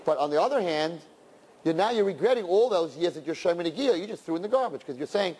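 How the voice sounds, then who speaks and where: A rabbi delivers an animated sermon to young people, sprinkling in Yiddish and Hebrew terms and swinging between loud and hushed. His voice sits high and husky, moving at a quick pace, with a big-room sound.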